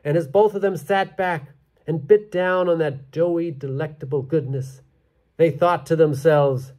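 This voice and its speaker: A man telling a story live on stage, animated and playful with dramatic pauses. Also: on the high side.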